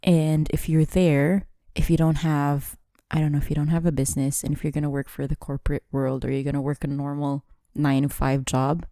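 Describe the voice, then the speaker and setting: A woman's voice: low voice, fairly quick, hardly any pauses, no room sound, studio quality. A woman with a Filipino accent co-hosting a podcast, chatting casually and playfully. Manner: playful, animated storyteller. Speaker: podcast co-host.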